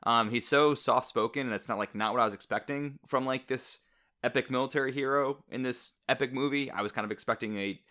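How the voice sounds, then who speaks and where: A man's voice: medium pitch, brisk, bright, forceful tone. A man co-hosting a podcast who shares his view of a film in an earnest, casual way.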